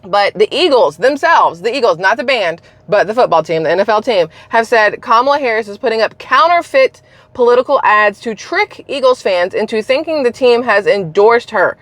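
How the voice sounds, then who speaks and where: A woman's voice: a little high, lively intonation, moderate pace, fairly bright tone, dry recording. A woman hosting a political commentary vlog, talking in a blunt, opinionated, casual way. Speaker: channel host.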